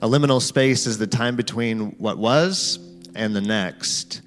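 A man's voice: mid-range voice, a little slow, soft background music. A man preaching a sermon, telling a story in guided imagery and speaking to the listeners as "you". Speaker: pastor.

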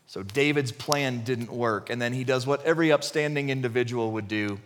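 A man preaching a conversational sermon, retelling the story animatedly and dropping his voice low for emphasis. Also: moderate pace, hardly any pauses, a bit bright, big-room sound, slight background noise.

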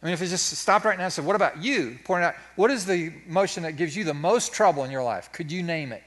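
Folksy, higher-pitched man preaching a sermon. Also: expressive, quick pace, a bit bright. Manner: folksy, self-deprecating, acts out his own inner voice. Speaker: pastor.

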